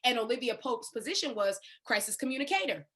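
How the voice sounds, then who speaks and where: A woman's voice: fairly high pitch, fast talker. A woman in her thirties telling stories with playful, laughing energy on a video call panel. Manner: animated, laughing, playful storytelling. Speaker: panel speaker. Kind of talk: casual online panel talk.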